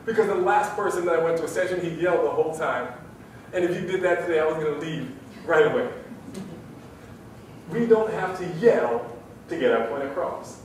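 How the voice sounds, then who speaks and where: Guy giving a live seminar, high lively voice, sounds far off in a big echoey hall. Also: fast, slight background noise. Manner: animated, leads audience in singing and call-and-response. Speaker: public speaking trainer. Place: large room with audience.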